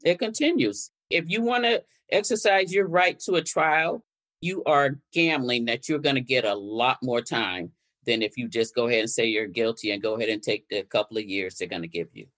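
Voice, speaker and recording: With an extremely low yet slightly bright voice, an older woman speaks at normal speed. An activist from Connecticut, she is a guest telling her story in conversation, acting out the exchanges she quotes.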